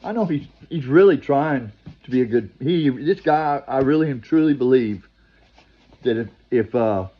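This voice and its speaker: A man's voice: medium pitch, animated, moderate pace. An older man talking straight to his viewers in a long, rambling vlog monologue, full of restarts and "you know," ending with preachy advice. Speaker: vlogger. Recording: dull lo-fi recording.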